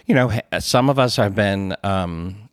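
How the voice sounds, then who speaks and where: A man's voice: on the low side, unhurried, no echo, studio quality. A man with a Philadelphia accent, co-hosting a podcast in casual, rambling chat full of self-deprecating asides. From Philadelphia area. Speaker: podcast co-host. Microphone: podcast studio mic.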